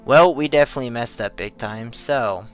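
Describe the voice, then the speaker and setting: A young man playing a horror game, reading the on-screen text aloud and yelling and swearing when things go wrong. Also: medium pitch, normal speed, smooth, soft background music. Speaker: let's play gamer. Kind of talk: horror game playthrough commentary.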